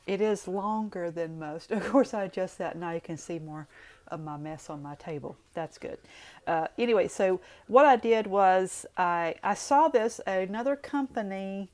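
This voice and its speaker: A woman's voice: medium pitch, normal speed, darkish tone. A woman with a Southern US accent talking through a card-making craft tutorial in a chatty, folksy way, full of rambling asides.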